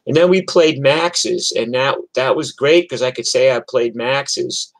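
A man's voice: mid-range voice, a little slow, no room sound, poor audio. Profane rambling New York storyteller man. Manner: rambling, profane, chatty with restarts. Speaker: musician telling stories on a livestream. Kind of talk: casual storytelling.

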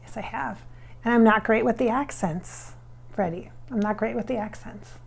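A woman's voice: on the high side, moderate pace, creaky, slightly rough. Chatty woman medium rambling aloud. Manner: chatty, rambling, self-correcting, laughs often. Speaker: psychic medium. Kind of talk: channeling session monologue.

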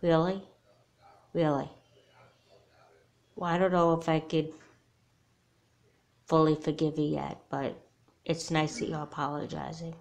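A woman's voice: low voice, level tone, moderate pace, creaky, pauses often, a little mellow. A woman voicing a wary, earnest young girl doll in a homemade doll movie, who speaks bluntly. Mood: guarded.

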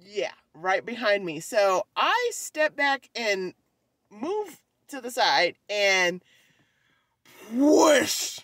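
A woman's voice: mid-range voice, big pitch swings, very slow, a bit bright, dry recording. A woman vlogging casually at home, telling a clumsy story in a chatty, self-mocking way with casual swearing.

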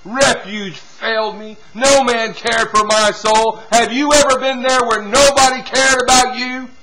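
A man preaching a sermon, dropping from loud appeals to hushed, quiet passages and punctuating with "see?" and "hallelujah". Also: extremely high pitch, steady tone, unhurried, rough recording. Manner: swings from loud exhortation to hushed near-whispers.

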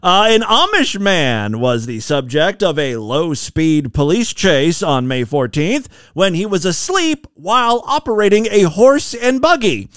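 A man's voice: high voice, sing-song, measured pace, few pauses, fairly bright tone, clean tone, dry recording, studio quality. A man from Ohio hosting a podcast, giving sarcastic, joking commentary on a news clip. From Ohio, USA. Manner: sarcastic, jokey asides. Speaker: podcast host.

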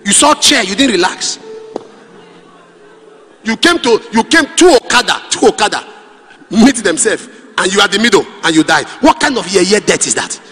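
High, lively Nigerian preacher. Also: male voice, normal speed, pauses often, in a large hall, soft background music. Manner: animated, storytelling with pidgin asides. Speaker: pastor. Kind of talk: sermon.

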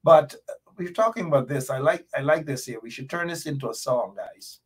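A man hosting a political talk show, rambling and jokey, with animated outbursts. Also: on the high side, a little fast, husky. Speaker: radio talk show host.

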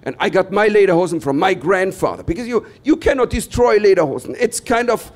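A German man with a German accent works through a stand-up routine in English. His voice sits high and swings widely in pitch as he builds self-deprecating punchlines with mock-pompous flair. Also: lively intonation, fairly quick. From Bavaria, southern Germany. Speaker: stand-up comedian.

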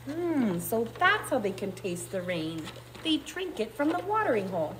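A woman kindergarten teacher reading a picture book aloud, pausing to explain in a gentle, thinking-aloud way. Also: fairly high pitch, big pitch swings, a little hiss or hum.

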